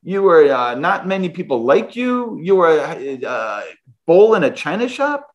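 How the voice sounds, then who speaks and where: A man's voice: on the high side, very animated, measured pace, lo-fi sound, voice pushed up. A man imitating a formal Swiss German male boss with a German accent who hesitates while searching for English words. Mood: blunt.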